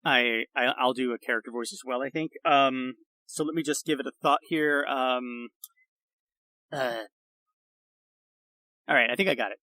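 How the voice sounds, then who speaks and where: A man's voice: mid-range voice, fairly even intonation, normal speed, long pauses, bright, forceful tone, dry recording. A man guesting on a comedy podcast speaks hesitantly, thinking aloud as he goes. The recording is dry and close. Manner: hesitant, lots of fillers. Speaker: guest story reader. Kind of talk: casual podcast chat.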